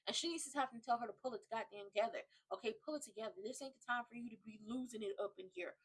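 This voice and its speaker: A woman hosting a soap opera recap, talking in a blunt, animated, profane, casual way. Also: fairly high pitch, rapid-fire, breathy edge, low-quality recording.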